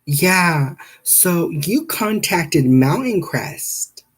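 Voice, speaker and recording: A man's voice: a little high, very animated, extremely slow, husky, voice pushed up, exaggerated voice. A man putting on a chirpy woman receptionist. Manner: chirpy, upbeat, evasive. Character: brisk, breezy woman phone receptionist.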